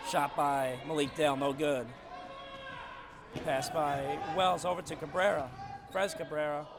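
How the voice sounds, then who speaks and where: A man with a raspy voice calling a live college basketball game from an arena skybox, getting excited and shouting on big plays. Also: a little high, measured pace. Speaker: play-by-play commentator. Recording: noisy arena broadcast feed. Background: arena ambience, ball bouncing.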